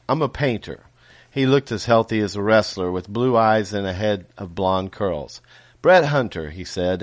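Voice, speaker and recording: A man reading his own novel aloud in a measured way, with small self-corrections and casual asides. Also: on the low side, no echo.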